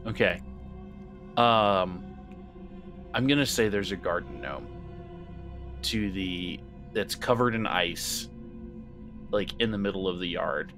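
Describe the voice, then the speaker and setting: A man's voice: low-pitched, slow pace, long pauses, music in the background. A man playing a tabletop horror game, casual and rambling, swearing freely. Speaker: player. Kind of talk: tabletop role-play chat.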